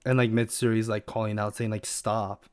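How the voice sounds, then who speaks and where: A man's voice: fairly low pitch, level tone, fast, a little mellow, clean tone. Eager man retelling in casual chat. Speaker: podcast co-host. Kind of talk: casual chat about an anime series.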